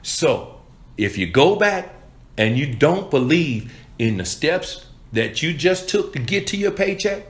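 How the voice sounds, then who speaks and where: A man's voice: a little high, very animated, unhurried. A man coaching salespeople in an emphatic, repetitive style with punchy catchphrases. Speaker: sales trainer. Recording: echoey room.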